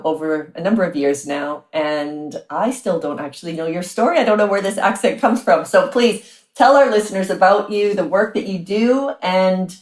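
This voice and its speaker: A woman's voice: fairly low pitch, a little mellow, roomy sound. A woman with a North American accent hosting a podcast interview, chatty and effusive, with frequent restarts. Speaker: podcast host.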